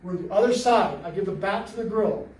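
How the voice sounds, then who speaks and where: A man telling an animated, joking story to an audience, acting out what people said. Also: sits high, fast talker. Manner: animated storyteller, jokey, acts out quotes. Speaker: Bigfoot researcher giving a library talk. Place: library meeting room. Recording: roomy hall, mic at a distance, faint noise.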